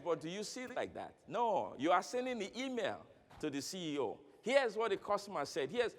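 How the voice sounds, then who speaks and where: A man giving a motivational keynote speech at a conference, telling stories with acted dialogue and questioning the audience. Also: on the high side. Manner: animated, storytelling with acted dialogue. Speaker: keynote speaker. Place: large conference hall. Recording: long reverb of a large hall.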